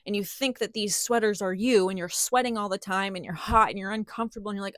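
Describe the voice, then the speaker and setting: A female spiritual teacher delivers an impassioned monologue to camera, speaking fast with few pauses in a medium-pitched voice with fairly even intonation. Earnest and emphatic, she acts out inner voices and sounds out of breath. The close recording is completely dry, with no echo.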